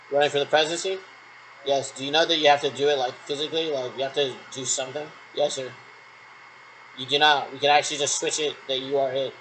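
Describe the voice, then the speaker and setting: On a low-quality recording with slight hiss or hum, a man with a medium-pitched, somewhat bright voice does make-believe radio checks by himself. The vlogger rambles to imaginary callers and keeps repeating "actually."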